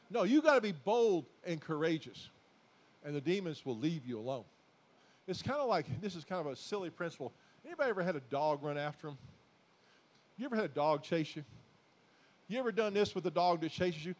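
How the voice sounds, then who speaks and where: A pastor preaches to his congregation in a fairly high voice. He speaks folksily, calling them folks, and he repeats his points until they swell into loud, emphatic declarations. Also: lively intonation, a little fast, long pauses. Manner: exhorting, repetitive, builds to loud emphatic declarations. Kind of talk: sermon.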